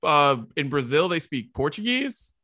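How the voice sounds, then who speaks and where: A man co-hosting a casual podcast chat, talking in an excitable, emphatic way. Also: fairly high pitch, measured pace, dry recording, studio quality. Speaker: podcast co-host.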